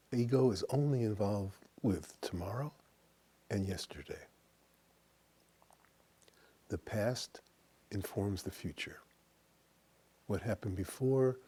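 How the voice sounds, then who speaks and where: Husky-voiced man giving a spiritual talk. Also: lowish voice. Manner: recites verse slowly, dropping to a hushed whisper. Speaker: spiritual teacher.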